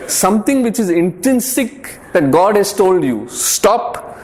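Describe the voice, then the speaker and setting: A man's voice: sits high, darkish tone. A man giving an informal faith talk to a youth group, earnest and conversational, often repeating words and checking in with the room. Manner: conversational, earnest, lightly humorous.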